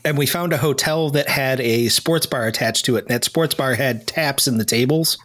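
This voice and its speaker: A man's voice: medium pitch, moderate pace, fairly bright tone. A man co-hosting a podcast, chatting casually and teasing his guest. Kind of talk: casual chat.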